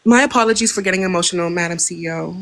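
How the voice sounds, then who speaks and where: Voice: mid-range voice, very fast, gravelly, a bit bright, slight background noise. A caller with a Washington DC area American accent, playing a job applicant who talks in a deferential, rambling way full of fillers. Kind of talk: role-play job interview.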